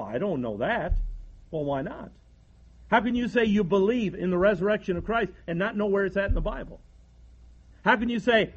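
High-voiced preacher, folksy. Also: male voice, husky, muffled recording. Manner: folksy, repeats words and restarts sentences. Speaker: pastor. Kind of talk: sermon.

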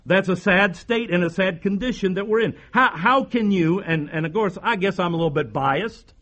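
A man's voice: high-pitched, normal speed, a bit bright. A man preaching a sermon as pastor, emphatic, repeating phrases and firing rhetorical questions at the congregation.

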